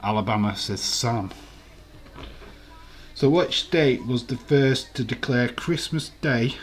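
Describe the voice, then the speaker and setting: A man's voice: mid-range voice, animated, slow. A man hosting a casual quiz live stream, reading out viewers' answers and swearing now and then.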